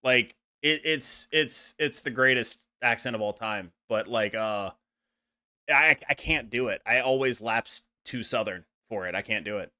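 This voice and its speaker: A man hosting a casual gaming podcast, animated and jokey, laughing often. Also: medium pitch, unhurried. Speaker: podcast host.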